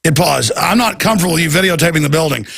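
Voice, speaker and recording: A man hosting talk radio, commenting loudly and mockingly on a played video clip. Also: a little high, lively intonation, rapid-fire, vocal fry, husky. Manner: mocking, loud, jumps into put-on voices. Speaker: radio host.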